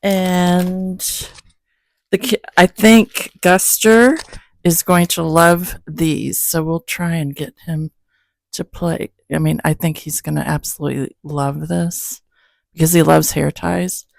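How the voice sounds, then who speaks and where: A woman chats casually at a slow, unhurried pace, her voice slightly low with a gravelly fry. The sound is dry and close. She rambles, restarts her sentences and makes small self-deprecating asides as she hosts her own show. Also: steady tone, no echo. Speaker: host of a Bible-reading channel. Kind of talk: casual chat.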